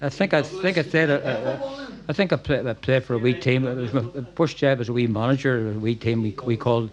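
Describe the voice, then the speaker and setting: A man's voice: medium pitch, lively intonation, fast, highs cut off. Older Northern Irish man telling yarns. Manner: rambling anecdotes with stumbles and laughs. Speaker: guest, former football manager. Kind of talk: storytelling at a live podcast event. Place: packed function room.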